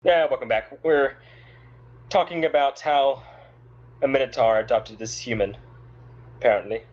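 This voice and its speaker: A man's voice: medium pitch, moderate pace, a little mellow. Guy in a tabletop game, mid voice, kinda muffled lo-fi chat. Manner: describes his own character's actions. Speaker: player. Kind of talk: in-character tabletop role-play.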